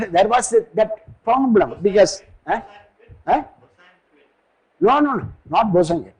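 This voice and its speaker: An older Indian man lectures on philosophy in a mellow, slightly high voice with an Indian English accent. He wanders into asides and stops to search for names and words. His tone is husky and soft-edged. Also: highs cut off. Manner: digressive, halting, searches for words.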